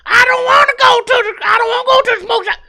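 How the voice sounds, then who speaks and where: A man voicing a frantic, shrill woman desperate for crack, whining and shrieking demands. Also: fairly even intonation, fast, bright, forceful tone, full character voice.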